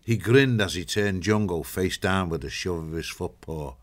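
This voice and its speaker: A man reading an audiobook in steady, measured scripted narration. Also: low-pitched.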